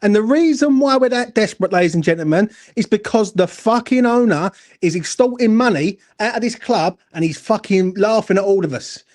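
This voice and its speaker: A man with a high but darkish voice rants furiously about football, cursing throughout and talking a little fast with hardly any pauses. Over and over he drives his points home and demands his co-host's agreement with "do you know what I'm saying".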